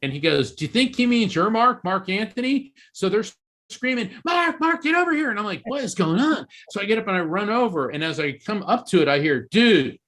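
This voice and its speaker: A man's voice: sits high, expressive, a little fast, hardly any pauses, fairly bright tone. A man from Florida, an author guest in an interview, telling a story earnestly and with animation, often restarting his sentences. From East Coast Florida, USA.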